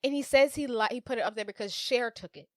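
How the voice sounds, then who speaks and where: A young woman co-hosting a podcast, chatting casually about a movie with lively, quick reactions. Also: on the high side, no echo, studio quality. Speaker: podcast co-host. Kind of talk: casual movie recap chat.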